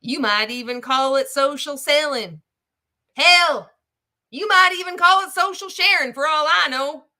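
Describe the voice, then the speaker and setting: A woman's voice: high-pitched, unhurried, sharp tone, pitched above the performer's own voice, heavily acted. A woman voicing a crusty old male gold prospector in a mocking drawl, calling people son and partner. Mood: lecturing.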